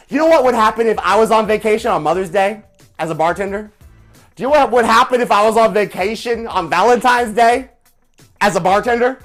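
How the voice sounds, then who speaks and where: A man's voice: high voice, animated, a little fast, soft background music. Ranting profane man. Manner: profane, shouting, repetitive rhetorical questions. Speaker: live stream host. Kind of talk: angry political rant on a live stream.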